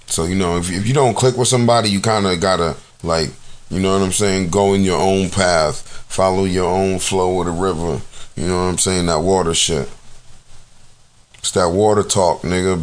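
Guy w a lowish voice just rambling to the camera, swears a ton, lots of "you know what im saying". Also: fairly even intonation, normal speed. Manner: profane, slangy, full of fillers like "you know what I'm saying". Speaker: vlogger commenting on news and videos. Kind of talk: casual rambling monologue.

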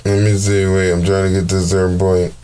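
A man's voice: sits low, completely flat delivery, normal speed, background noise. A man giving casual, profane commentary on battle rap videos, exasperated and heavy on slang.

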